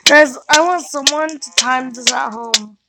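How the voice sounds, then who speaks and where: A woman chatting casually while playing a game, rambling and now and then breaking into soft sing-song, over loud background noise. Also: high-pitched, a little slow. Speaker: gamer. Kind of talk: casual gameplay commentary.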